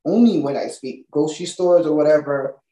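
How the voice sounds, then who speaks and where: A woman from Hawaii with a Hawaiian Pidgin accent talks in an easygoing way as an interview guest, often tagging her sentences with "you know what I mean". Her voice sits low for a woman. She is picked up from a distance in an echoing room. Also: fairly quick, warm tone. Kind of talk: casual interview. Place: now living in Texas. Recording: roomy, distant from the mic.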